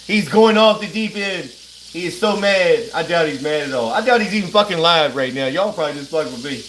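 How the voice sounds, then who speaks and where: Over the sound of frying food, a man with a slightly high, fairly bright voice talks fairly quickly and with lively intonation. It's a loose, casual livestream chat from his home kitchen, captured on a phone, full of drawling, rambling and frequent laughter, with slight background noise.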